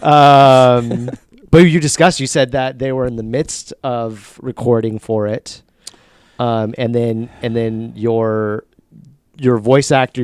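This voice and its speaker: A man's voice: medium pitch, a little mellow, clean tone, no room sound, clean studio sound. A man co-hosting a podcast who talks in a joking, loose and chatty way. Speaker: podcast co-host. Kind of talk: casual podcast chat.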